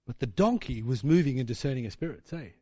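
A man's voice: mid-range voice, animated, fast, warm tone, slightly rough, no room sound. A man preaching a sermon in a casual storytelling way, with fillers and tag questions.

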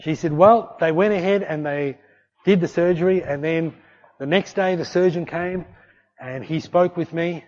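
A man preaches with a vivid story, switching into the voices of its characters. He talks at normal speed with a somewhat high voice, and the sound is dull and lo-fi.

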